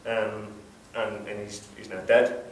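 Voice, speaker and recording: Man, Yorkshire accent, author at a book launch, halting, echoey room, distant mic. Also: fairly low pitch, completely flat delivery, a little hiss or hum. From Wakefield, England. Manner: thoughtful, halting, many ums. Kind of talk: book launch talk and reading. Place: festival event room. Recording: echoey room picked up from afar.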